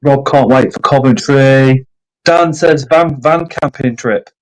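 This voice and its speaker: This livestream host has a medium-pitched voice and a slow delivery, and the audio quality is poor. On his streaming setup he chats casually, makes fun of himself, and reads out what viewers comment.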